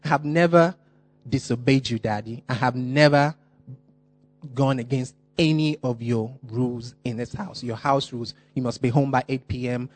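A man's voice: medium pitch, very slow, hardly any pauses. A man voicing an aggrieved older brother who pleads with his father and insists over and over. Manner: complaining, insistent repetition.

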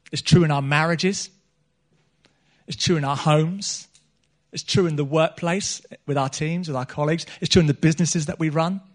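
A middle-aged man, preaching a sermon in a church meeting and often restarting his phrases. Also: a little high. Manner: earnest, repeats himself and restarts phrases.

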